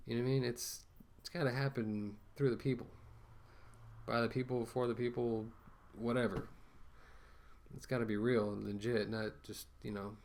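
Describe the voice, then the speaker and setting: A man's voice: mid-range voice, level tone, moderate pace, darkish tone, a little hiss or hum. A man ranting casually to camera as a vlogger, rambling with many fillers and restarts, talking through a mask.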